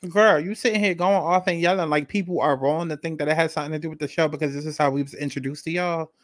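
A man's voice: on the high side, fairly even intonation, quick pace, no echo. A man hosting a commentary channel, talking bluntly and straight to his viewers. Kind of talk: casual commentary.

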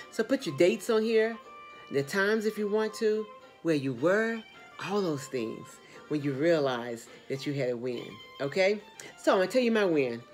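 A woman hosting a motivational talk, speaking straight to her viewers with encouragement, repeated phrases and sudden high exclamations. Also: animated, normal speed, a little mellow, faint music behind. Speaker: motivational host.

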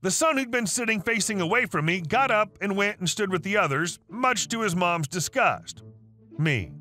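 A male synthetic-sounding voice reading online stories aloud in an even manner, speaking the dialogue tags out loud. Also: high voice, moderate pace, soft background music. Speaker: story narrator.

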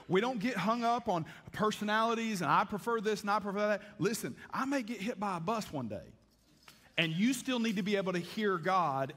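Folksy preaching pastor in a church hall. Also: male voice, sits high, a bit bright. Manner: folksy, emphatic preaching with frequent restarts. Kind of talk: sermon. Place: church sanctuary. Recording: long reverb of a church hall.

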